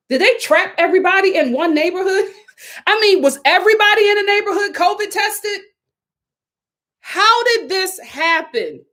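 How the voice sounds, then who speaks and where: A woman hosts a casual live recap of a reality show. Her voice sits high and swoops all over the place. She sounds incredulous and says things twice to drive a point home. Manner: animated, incredulous, repeats herself for emphasis. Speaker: reality TV review host.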